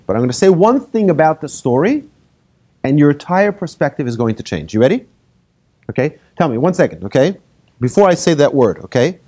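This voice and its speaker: A rabbi giving a lively talk to an audience, telling made-up stories and asking the listeners questions. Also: male voice, mid-range voice. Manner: animated, asks the audience questions, tells hypothetical stories. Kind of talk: lively lecture to a live audience.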